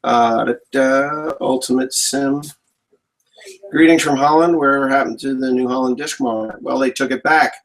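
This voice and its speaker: A man's voice: medium pitch, fairly even intonation, normal speed, fairly bright tone, rough recording. A man, a farmer, casually answering viewer questions in a rambling, joking way. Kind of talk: casual live Q&A chat.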